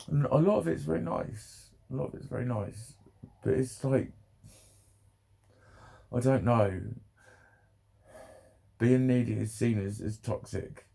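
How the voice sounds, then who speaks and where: A man's voice: medium pitch, vocal fry, dark tone. A man rambling emotionally in a personal vlog, laughing often and swearing a lot. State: emotional, near tears. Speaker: vlogger.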